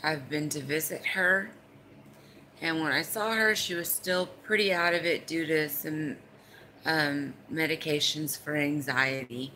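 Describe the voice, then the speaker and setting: A woman recording a personal story to her phone, speaking in a halting, emotional way with frequent pauses. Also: deep voice, sharp tone, slight background noise. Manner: slow, halting and emotional, pausing often. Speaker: vlogger. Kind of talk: personal story told to camera. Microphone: cheap phone.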